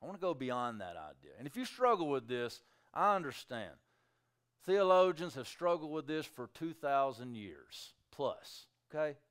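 A man's voice: medium pitch, very animated, normal speed, a bit bright, smooth. A male pastor preaching a sermon, reading scripture and acting out objectors' questions in a raised voice.

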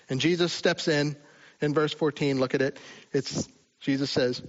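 A man's voice: a little high, fairly even intonation, normal speed. Conversational male preacher, lo-fi sound. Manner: conversational, rhetorical asides. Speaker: pastor. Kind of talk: sermon.

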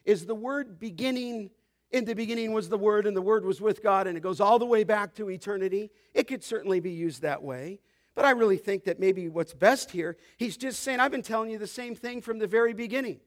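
A male pastor preaching an expository sermon, pressing his points hard and getting louder on scripture. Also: high-pitched, moderate pace. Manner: emphatic preaching, rising loud on scripture.

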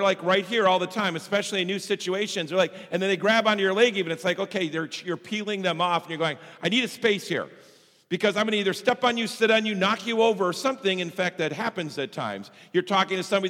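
A man pastor preaching a sermon with strong emphasis, swinging between loud and soft passages. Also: fairly high pitch. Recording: long hall reverb.

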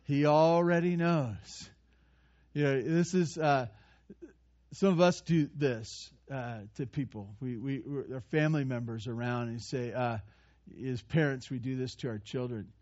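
A man preaching a sermon in a conversational, animated way, with playful asides and frequent restarts. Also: mid-range voice, measured pace, dull audio. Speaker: pastor.

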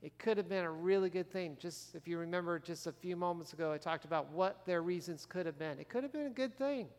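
A man's voice: high-pitched, fast talker. A male pastor preaching a conversational sermon in church, asking the congregation questions as he goes. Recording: long reverb of a large church hall.

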